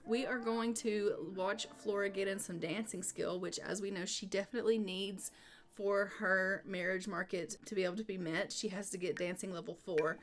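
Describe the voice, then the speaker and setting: A woman's voice: mid-range voice, steady tone, normal speed. A woman narrating her life-sim gameplay in an upbeat, casual way, often repeating "go ahead.". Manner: upbeat, repetitive "go ahead" phrasing. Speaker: gameplay video creator.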